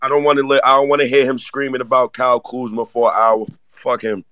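A man's voice: mid-range voice, level tone, quick pace, a bit bright, smooth, no echo. A man ranting and cursing in a casual live audio chat. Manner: ranting, profane.

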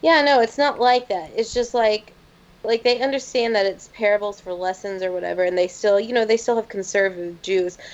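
A woman talks bluntly in a casual podcast chat, swearing and filling her sentences with fillers. Her voice sits in a middle pitch. The recording sounds dull and lo-fi. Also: brisk.

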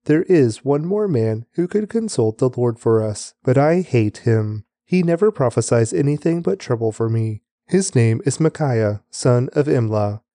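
Resentful king, commanding, slow, mellow tone, read by a man. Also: mid-range voice, expressive, no room sound. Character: bitter, commanding ancient male king.

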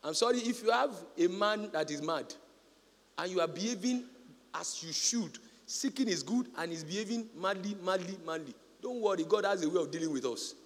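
A Nigerian man preaching a sermon as a pastor, often shouting in a sing-song preaching cadence. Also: sits high, animated, moderate pace, in a large hall.

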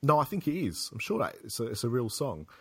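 A man's voice: medium pitch, very animated, fast talker, slightly rough, dry recording. A man co-hosting a podcast in casual chat, hesitant and conversational, with restarts and fillers. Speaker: podcast co-host.

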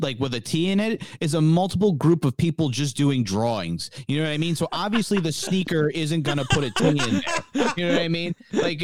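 A man's voice: fairly high pitch, dry recording. Young man, podcast co-host, rambling, filler-heavy, dry close sound. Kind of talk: casual chat.

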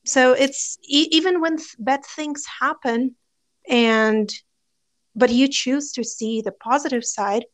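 A woman with a Russian native tongue talks through a casual podcast conversation. Her voice sits a little high, and she slips into quick dramatized voices. She keeps the tone earnest and searching. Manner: earnest, acts out quoted voices, frequent fillers. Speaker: podcast co-host.

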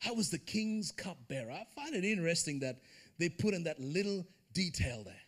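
A man preaching a sermon at a church service, conversational and animated, slipping into acted asides and building to emphatic peaks. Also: high voice, moderate pace. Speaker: pastor.

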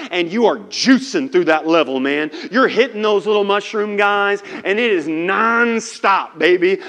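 A middle-aged male pastor preaching a sermon in a lively, joking way, slipping into voices for the people in his story. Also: sits high, measured pace, hardly any pauses. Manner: animated, joking, plays voices of biblical characters.

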